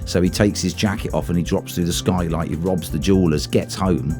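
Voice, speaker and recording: A man's voice: deep voice, steady tone, a little fast, music in the background. A man co-hosting a casual radio chat show in a studio, telling rambling anecdotes. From England. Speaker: co-host.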